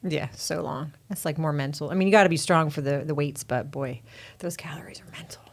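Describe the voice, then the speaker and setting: Lower-pitched woman, gym coach, lively and chatty. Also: brisk, gravelly. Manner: animated storyteller, laughing often. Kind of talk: casual chat.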